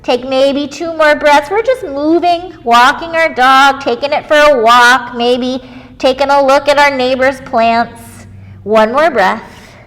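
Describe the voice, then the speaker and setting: A woman leading a children's yoga class, gentle and playful, encouraging the kids and making animal noises. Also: sits high, takes it slowly, long reverb tail.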